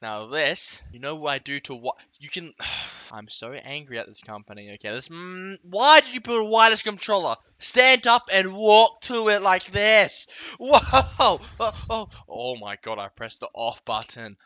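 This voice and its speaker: A man's voice: sits high, animated, normal speed, few pauses, bright, forceful tone, dry recording. A man ranting comically in a vlog, with exaggerated outbursts and yelps, recorded close and dry. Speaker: vlogger. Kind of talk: comedic rant vlog.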